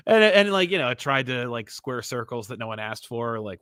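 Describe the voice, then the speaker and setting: A man hosting a casual chat about comics, animated, often restarting sentences and acting out quoted lines. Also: medium pitch, fast talker, no room sound, clean studio sound. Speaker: podcast host.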